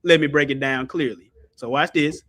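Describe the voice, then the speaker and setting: A man's voice: mid-range voice, steady tone, moderate pace, sharp tone. A man hosting a casual online ministry stream. He talks animatedly and reads answers aloud to his chat. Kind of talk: casual teaching livestream.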